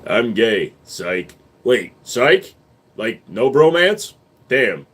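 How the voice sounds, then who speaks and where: A man on a casual livestream who reads viewer questions aloud and answers them quickly. He is blunt and profane, and he turns loud and sarcastic when he argues. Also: medium pitch, very animated, slightly rough. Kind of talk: casual live-stream chat.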